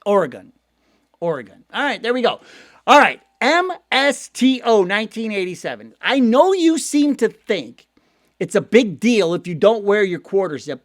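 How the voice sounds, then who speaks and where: A man with a Cleveland accent hosting a fan show, chatty and animated, laughing often as he reads viewer comments. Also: sits high, no echo, studio quality. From Ohio. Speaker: sports podcast host reading viewer comments. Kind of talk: casual fan talk show.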